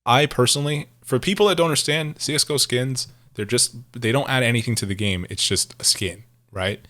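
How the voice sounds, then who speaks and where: A man's voice: medium pitch, fairly quick, fairly bright tone. A man co-hosting a podcast in casual chat, rambling through his points with frequent laughter and casual swearing. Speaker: podcast co-host.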